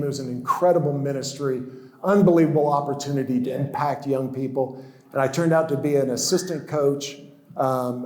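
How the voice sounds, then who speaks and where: A man's voice: medium pitch, a little mellow. A man in his sixties giving a personal testimony talk, stammering into restarts and chuckling as he tells his story. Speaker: guest speaker. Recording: roomy echo.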